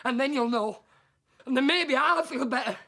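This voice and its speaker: Ivan Ivanich, a frantic, desperate clerk. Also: male voice, very high voice, moderate pace, exaggerated voice. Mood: grimly calm. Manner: frantic, pleading, bursts into shouted rants. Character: desperate henpecked married clerk, middle-aged. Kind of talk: filmed comedy drama acting.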